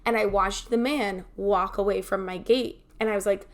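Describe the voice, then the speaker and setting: Animated woman podcast co-host. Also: medium pitch, normal speed, few pauses. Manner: animated storyteller, acts out quoted dialogue. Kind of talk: casual chat. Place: home, remote.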